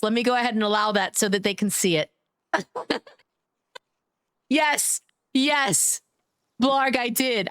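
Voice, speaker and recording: A woman's voice: on the high side, a bit bright, dry recording, studio quality. Bubbly, affectionate woman streamer. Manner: gushing, affectionate, thanks viewers by name; playful, giggly. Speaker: live streamer. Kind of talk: casual live-stream chat.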